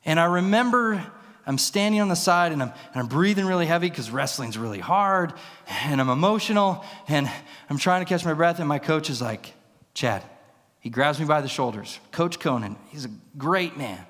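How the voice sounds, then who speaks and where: A man's voice: fairly high pitch, animated, moderate pace, fairly bright tone. Man preaching in a reverberant church. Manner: vivid storytelling, acting out quoted voices. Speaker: pastor. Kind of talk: storytelling sermon. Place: church sanctuary. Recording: long reverb in a church hall.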